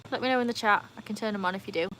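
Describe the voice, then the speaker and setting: A woman's voice: medium pitch, very fast, fairly bright tone, slight background noise, rough recording. A woman chatting casually on a live stream at home, reading out viewer comments. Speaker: livestream host. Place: home, beside a backyard pool.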